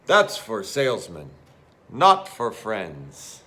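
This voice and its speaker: A man voicing a lonely male bear in a children's storybook reading, speaking loudly and melodramatically. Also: lowish voice, wildly swooping pitch, slow, pitched below the performer's own voice, heavily acted. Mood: eager. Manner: loud, melodramatic, pleading.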